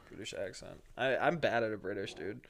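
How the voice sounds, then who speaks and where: A man's voice: mid-range voice, a bit bright, husky. A young man in crude, casual chat who jokes at his own expense and laughs a lot. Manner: joking, self-deprecating, laughs often.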